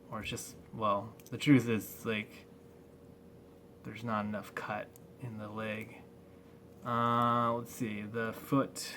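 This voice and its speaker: A man talking through a toy review at an unhurried, drawn-out pace. He rambles and halts often, with plenty of fillers. A faint hiss of background noise sits behind his voice. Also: medium pitch, a bit bright. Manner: rambling, halting, many fillers. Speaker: toy collector vlogger. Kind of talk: casual unboxing review.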